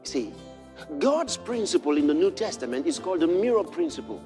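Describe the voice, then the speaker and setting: High, lively male preacher. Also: fairly quick, faint music behind. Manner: animated storytelling, swings from hushed to shouted exclamations. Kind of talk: sermon.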